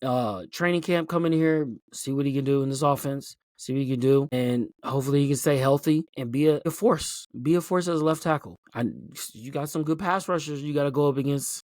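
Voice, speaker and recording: A man's voice: on the high side, a little fast, hardly any pauses, no room sound, studio quality. A man hosting a sports podcast, talking casually and animatedly as a fan, with frequent swearing. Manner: animated, profane, fan-like rants. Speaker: podcast host.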